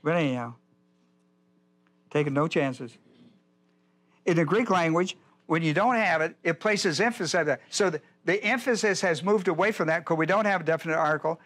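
A man's voice: a little high, normal speed, a bit bright. Older male pastor teaching folksy. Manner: folksy, digressive, repeats himself. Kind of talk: Bible study teaching. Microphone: whiteboard lecture in a church.

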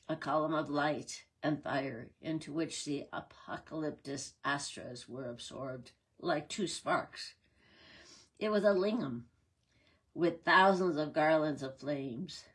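A woman reads a retold myth aloud, measured and reverent. Her voice is low and slightly husky, and she takes her time. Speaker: reader.

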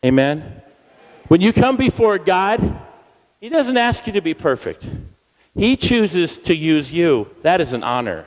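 A man speaking as a guest at a church service, energetic and playful, leading the crowd in call-and-response chants. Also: a little high, measured pace. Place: church hall. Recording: long reverb of a church hall.

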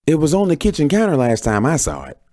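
A man voicing a fierce, bossy woman who scolds loudly in a raised, high voice. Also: huge pitch swings, fast, no room sound, clean studio sound. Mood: scolding.

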